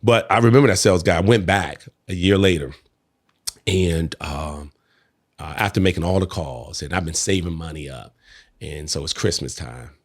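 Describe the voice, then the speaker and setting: A man guesting on a podcast, telling a personal story in an animated way and acting out the quotes. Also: sits low, normal speed. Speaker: podcast guest, network marketer. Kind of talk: conversational storytelling.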